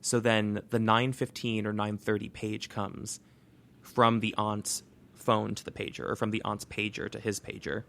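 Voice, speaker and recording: A man's voice: lowish voice, level tone, unhurried, creaky, a bit bright. A man co-hosting a true-crime podcast, thinking aloud as he retells a case in casual chat. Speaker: podcast co-host.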